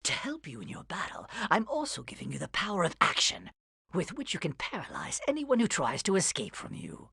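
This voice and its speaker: A woman voicing a menacing grown male supervillain mastermind in a fan dub, speaking low and scheming. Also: wildly swooping pitch, a little fast, creaky, fairly bright tone, slight background noise, exaggerated voice.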